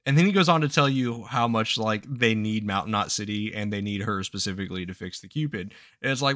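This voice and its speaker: A man's voice: fairly low pitch, fairly quick, few pauses, fairly bright tone, dry recording, studio quality. A man on a podcast casually retelling a story, swearing often, laughing and slipping into quoted voices. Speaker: podcast host recapping a game.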